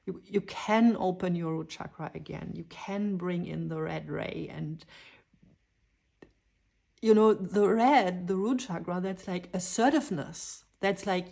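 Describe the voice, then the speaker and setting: A woman giving a dreamy, spontaneous channeled tarot reading, drifting into whispers and excited exclamations. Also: on the low side, slow, gravelly, a little hiss or hum. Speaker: tarot reader.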